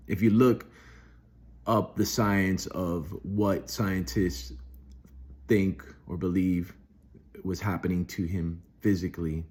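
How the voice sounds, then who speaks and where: A man's voice: low-pitched, darkish tone. A middle-aged man speaking earnestly off the cuff in a devotional monologue, with restarts and bursts of rising emphasis. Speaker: Christian video host.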